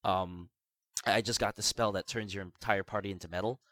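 A man co-hosting a casual gaming podcast, his voice sitting a bit low and recorded dry and close. He rambles, restarts his sentences and leans on filler words, his pitch jumping around as he talks. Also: fairly quick, no room sound. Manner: rambling, many restarts and "like", animated pitch swings. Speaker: podcast co-host. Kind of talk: casual chat about video games.

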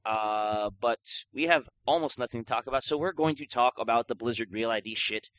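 A man's voice: medium pitch, fairly quick, fairly bright tone. A man hosting a gaming podcast in casual chat, joking and rambling with lots of filler words. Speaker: podcast host.

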